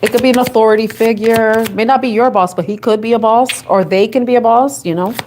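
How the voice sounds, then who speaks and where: A woman's voice: a little high, steady tone, brisk, noisy background. A woman giving a casual tarot reading, talking and thinking aloud in a chatty, giggly way. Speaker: tarot reader.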